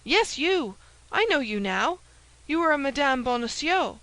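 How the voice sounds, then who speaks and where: A woman voicing a cunning, scheming woman who speaks with a smooth, falsely sweet warmth. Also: high voice, very animated, a little slow, pitched above the performer's own voice, heavily acted, rough recording. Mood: accusing.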